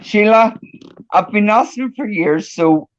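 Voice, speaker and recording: A woman's voice: mid-range voice, expressive, slow pace, slight background noise. A woman co-hosting a casual livestream chat, often laughing, sighing and groaning. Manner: laughs a lot, groans and sighs. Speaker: co-host. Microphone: video call. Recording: dull lo-fi stream audio.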